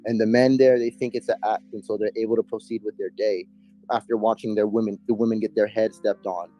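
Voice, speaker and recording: A man's voice: fairly low pitch, fairly even intonation, a little fast, dark tone, faint music behind. A man telling his story in a casual interview, emphatic and heavy on slang and swearing. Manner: emphatic, profane, street slang. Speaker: interview guest.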